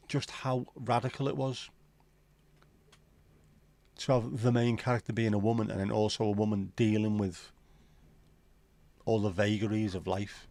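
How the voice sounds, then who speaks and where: A man's voice: on the low side, darkish tone, no echo. Crude, bantering man hosting a livestream. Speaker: livestream host. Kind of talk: casual chat reading viewer comments.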